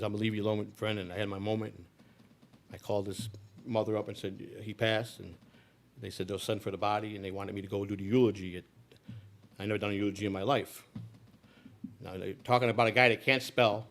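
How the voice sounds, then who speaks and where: A man telling a personal story in a live speech, blunt and profane, with frequent restarts. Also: fairly low pitch. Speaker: speaker.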